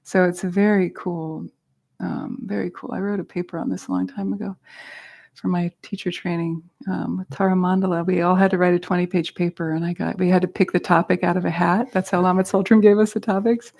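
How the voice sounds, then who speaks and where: A woman with a fairly low voice leads a class. She explains terms patiently and casually, with self-aware asides to her students. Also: flat delivery, a little fast, vocal fry, darkish tone. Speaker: meditation teacher. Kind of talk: casual teaching talk. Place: class with a group present.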